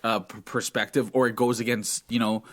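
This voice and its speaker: Podcast co-host, man, animated, blunt, swears, mid-pitched. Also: a little fast. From Canada. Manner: animated, restarts and quoted voices, swears freely. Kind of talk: casual podcast chat.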